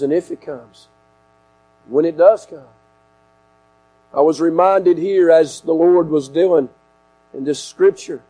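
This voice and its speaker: A man preaching a sermon, swinging from shouts to hushed asides. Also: high-pitched, poor audio. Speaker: pastor. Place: outdoor tent service. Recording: mains hum in background.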